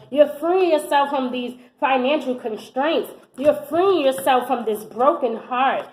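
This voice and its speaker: A young American woman with a fairly high voice gives a casual tarot reading to her viewers. She talks in an animated, exclamatory way and keeps repeating her phrases. The sound bounces around an echoey room. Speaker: tarot reader.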